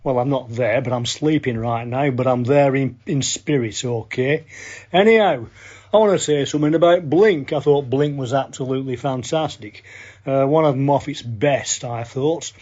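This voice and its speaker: A man's voice: medium pitch, normal speed, a little mellow, muffled recording, lightly acted. A man doing an impression of a cheery, chatty fellow podcaster sending in feedback, with a chummy way of ending lines with "okay?". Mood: cheerful. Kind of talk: impression of a friend giving feedback.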